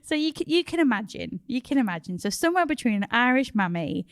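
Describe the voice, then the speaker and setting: A woman's voice: a little high, big pitch swings, fast, no echo, studio quality. A British woman co-hosting a podcast, telling family stories in a casual chat and laughing often. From Britain. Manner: laughing storyteller. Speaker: podcast co-host.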